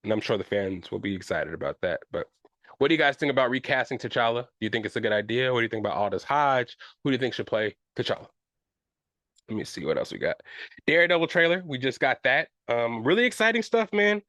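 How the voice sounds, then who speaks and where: A man's voice: medium pitch, lively intonation, fast, a bit bright, no room sound. A man hosting his own podcast, talking loosely and profanely in a rambling casual way, often checking in with "you know what I'm saying". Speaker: podcast host. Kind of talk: casual solo podcast commentary.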